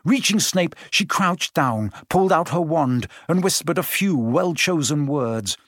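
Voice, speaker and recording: A man narrating a story aloud, expressive and changing his pace as he reads. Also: a little high, unhurried, dry recording, clean studio sound. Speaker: audiobook narrator. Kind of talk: scripted narration.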